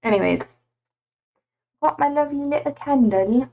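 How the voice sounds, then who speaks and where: A woman's voice: high voice, normal speed, vocal fry, warm tone, a little hiss or hum. A young adult woman chatting casually on a live stream from home, loose and a little sweary as she greets viewers by name.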